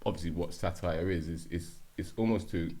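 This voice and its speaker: A man hosting a casual podcast. His voice is very low. He talks thoughtfully, restarting phrases as he searches for the right word. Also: a little fast, mellow. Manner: thoughtful, searches for words, many backchannel "mm". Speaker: podcast host.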